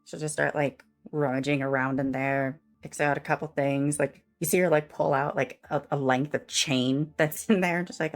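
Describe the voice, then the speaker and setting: A woman player narrates her character's actions in an easygoing, chatty way, full of fillers. Her voice sits a little low, and faint music plays behind her. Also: fairly even intonation, moderate pace, hardly any pauses. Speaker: player and streamer. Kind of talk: casual tabletop game narration.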